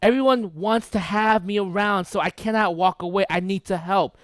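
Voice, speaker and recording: Preacher doing a self-justifying, fairly high-voiced man in a sermon, dry close sound. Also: normal speed, fairly bright tone, dry recording. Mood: earnest. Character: Jesus imagined as a man clinging to being needed.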